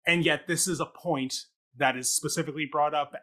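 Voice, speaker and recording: A man co-hosting a casual theatre review chat, thinking aloud with halting restarts. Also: a little high, steady tone, sharp tone. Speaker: podcast co-host.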